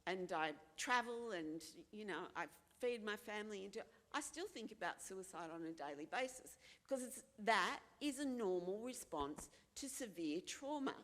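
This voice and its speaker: A woman's voice: medium pitch, big-room sound. An Australian woman speaking frankly and earnestly at a forum, repeating phrases for emphasis and acting out the voices of people she quotes. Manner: acts out other people's voices when quoting. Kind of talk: candid personal talk at a forum.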